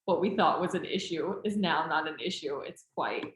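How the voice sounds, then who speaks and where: A woman's voice: deep voice, normal speed. A woman trainer chatting casually, talkative and encouraging as she answers team questions. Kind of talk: casual group chat. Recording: roomy echo.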